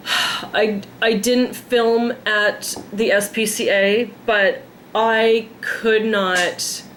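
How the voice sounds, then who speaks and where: A woman in her thirties talking in a casual personal vlog, emotional and drained, rambling with sighs and halting starts. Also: medium pitch, steady tone, fairly bright tone, slight background noise. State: tearful, drained. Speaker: pet vlogger.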